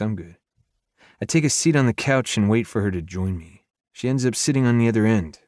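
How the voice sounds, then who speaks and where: A man narrates a romance novel in the first person, keeping his voice lowish and intimate. He sounds earnest and close. The recording is dry, with no room echo. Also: darkish tone. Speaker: audiobook narrator.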